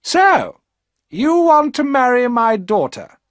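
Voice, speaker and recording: A man's voice: very high voice, huge pitch swings, takes it slowly, no echo, studio quality, voice pushed up, full character voice. A man voicing a proud, cruel rich old woman with a hard, mocking voice in a storybook reading. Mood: scornful.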